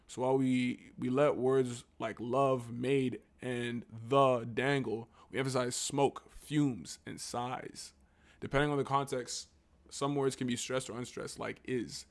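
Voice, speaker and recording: A man on a casual livestream, reading text aloud haltingly and breaking off into slangy, profane asides. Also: medium pitch. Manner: reads text aloud haltingly, then riffs on it.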